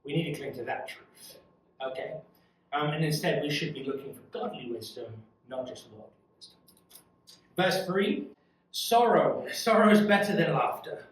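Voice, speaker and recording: Male youth Bible study leader, higher-pitched, earnest and conversational; recorded from a distance in a very reverberant room. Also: lively intonation, moderate pace, slight background noise. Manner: earnest, conversational, asks the group questions. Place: church room. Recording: echoey room from far off.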